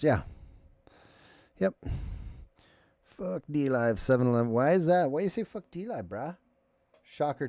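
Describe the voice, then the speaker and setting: A man's voice: medium pitch, darkish tone, dry recording. A man hosting a call-in livestream, ranting heatedly with profanity and reading viewer chat aloud.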